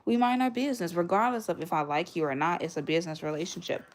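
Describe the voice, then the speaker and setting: A woman hosts a casual livestream from home near a radiator, telling a long story and thanking viewers for gifts as she goes. Her voice is on the low side, animated, and she talks fast.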